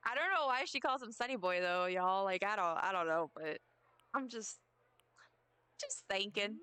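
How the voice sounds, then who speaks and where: A young woman streams a game, chatting casually, rambling and poking fun at herself in asides. Her voice is medium in pitch with lively intonation at a normal speed, and it sounds bright, forceful and smooth.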